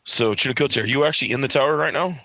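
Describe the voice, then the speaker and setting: A man's voice: medium pitch, racing, sharp tone, low-quality recording. A man from California who runs a tabletop game, narrating scenes with lots of fillers and self-corrections. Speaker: game master.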